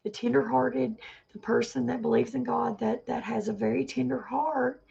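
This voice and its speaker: A woman with a gravelly, husky voice, a little higher than most, talking on a livestream. She speaks earnestly and rambles, circling back and repeating herself. The audio is dull and lo-fi. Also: steady tone, normal speed, dark tone. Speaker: livestream vlogger. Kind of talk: emotional personal livestream talk.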